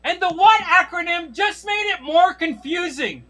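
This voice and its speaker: A man's voice: extremely high pitch, animated, unhurried, a crowd in the background. A middle-aged man doing a stand-up routine, ranting in exasperation with frequent swearing. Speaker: stand-up comedian. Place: comedy stage.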